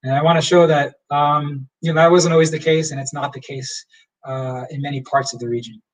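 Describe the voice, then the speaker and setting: A young man teaching as a history professor in a casual livestream lecture, relaxed and rambling with many fillers. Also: fairly high pitch, fairly quick, far from the mic, rough recording.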